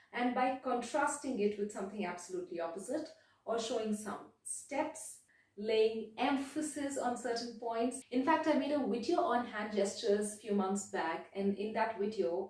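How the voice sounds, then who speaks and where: A woman speaking coach giving a measured, deliberate video lesson, stressing key words. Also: mid-range voice, a little mellow. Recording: very echoey room, voice from far off.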